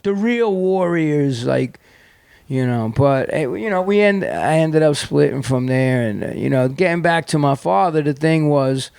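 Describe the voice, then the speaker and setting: Middle-aged New York man, gravelly, swears freely, close dry studio mic. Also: on the high side, expressive, unhurried, a little mellow, no room sound. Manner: profane, rambling, restless with many fillers and restarts. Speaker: podcast guest, punk band singer. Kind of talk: candid storytelling in conversation.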